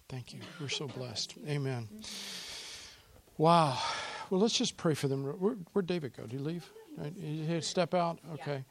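A man's voice: on the high side, normal speed. A man, a pastor, speaking to his congregation with emotion and then leading a prayer. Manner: emotional, softly spoken then fervent in prayer. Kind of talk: church talk and prayer. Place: church service.

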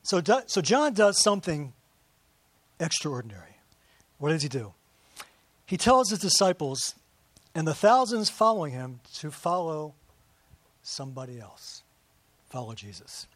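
A man's voice: fairly high pitch, big pitch swings, measured pace, long pauses, dry recording. A man preaching to his congregation as pastor, in a chatty sermon full of rhetorical questions and asides to the listeners. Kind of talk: conversational sermon.

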